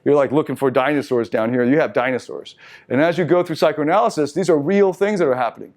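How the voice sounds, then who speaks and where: A man's voice: a little high, fast, a little mellow. A man teaching a seminar, reading passages aloud and then riffing on them casually with asides. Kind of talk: lecturing from slides to a group. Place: meeting room.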